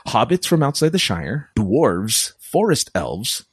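Husky, lively man reading quiz questions. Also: mid-range voice, takes it slowly, no echo, clean studio sound. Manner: playful, laughs often, reads questions aloud. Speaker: podcast co-host. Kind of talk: casual quiz chat.

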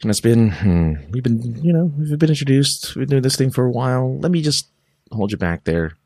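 A man's voice: mid-range voice, animated, a little fast, creaky, darkish tone, dry recording, pitched above the performer's own voice. A man voicing a chatty male genie who keeps adding caveats and taking back wishes. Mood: backpedaling. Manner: hedging, talks over himself with caveats. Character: wish-granting male genie, chatty and backpedaling.

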